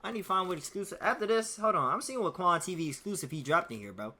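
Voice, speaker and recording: A man's voice: high voice, lively intonation, quick pace, sharp tone. A man streaming casually, rambling in a loose, profane, slang-heavy way. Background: faint music playing.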